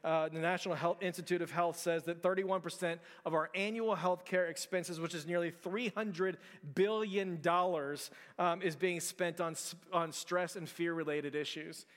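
A man's voice: high voice, steady tone, normal speed, hardly any pauses, a bit bright, in a large hall. A male pastor preaching a conversational sermon, with frequent restarts and fillers.

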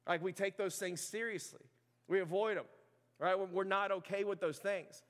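A high-pitched man preaches in a loose, chatty way, filling his talk with "like" and "right". His voice rings out with a long hall reverb, as if from a church sanctuary. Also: fairly even intonation, normal speed, fairly bright tone. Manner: conversational preaching, many "like" and "right" fillers. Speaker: pastor. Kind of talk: sermon.

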